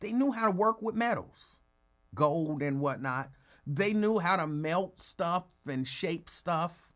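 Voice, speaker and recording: A man hosting a casual podcast, talking in a laid-back conversational way and answering a listener's comment. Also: slow pace. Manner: laid-back, conversational, lively pitch, playful voices for a dog. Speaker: podcast host.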